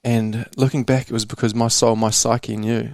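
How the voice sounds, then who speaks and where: A man's voice: medium pitch, little pitch movement, moderate pace, vocal fry, a little mellow, no echo, studio quality. A young man from New Zealand telling a candid personal story on a casual podcast, slangy and swearing, calling the host bro. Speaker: podcast guest.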